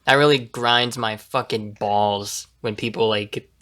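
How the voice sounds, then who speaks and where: Guy cohosting a podcast, crude jokes, lots of swearing and laughing, bright voice. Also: fairly low pitch, steady tone, takes it slowly, slight background noise. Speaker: podcast co-host. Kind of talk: casual chat.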